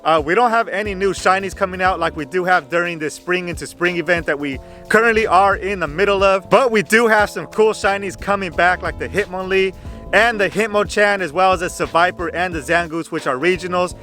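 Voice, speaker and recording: A man's voice: high voice, fairly quick, bright, forceful tone, faint music behind. A man hosting his gaming channel, chatting casually through a game guide and repeating "go ahead" between filler words.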